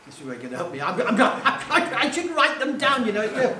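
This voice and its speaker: A man's voice: extremely high pitch, huge pitch swings, fast talker, a crowd in the background. A man giving a live talk to an audience, rambling and self-deprecating, with jokey asides. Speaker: public speaker. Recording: echoey room, distant mic, faint hum.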